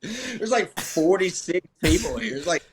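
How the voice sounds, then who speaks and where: A man, a comedian guest, telling stories in a casual, animated, profane way and laughing often. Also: high voice, a little slow, background noise. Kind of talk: casual storytelling interview.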